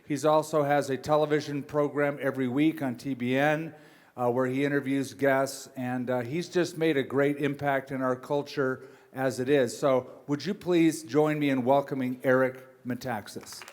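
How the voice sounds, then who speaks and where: A man's voice: mid-range voice, steady tone, moderate pace. A middle-aged man, a pastor hosting an interview on a church stage, asking questions in a friendly, teasing way. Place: church stage before an audience.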